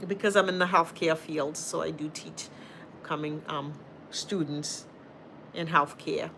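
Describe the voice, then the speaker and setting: A woman's voice: low-pitched, flat delivery, unhurried, creaky, fairly bright tone, a little hiss or hum. A woman from Boston with a Boston accent, a healthcare teacher hosting a casual livestream and chatting straight to her viewers while answering their comments. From Boston, Massachusetts.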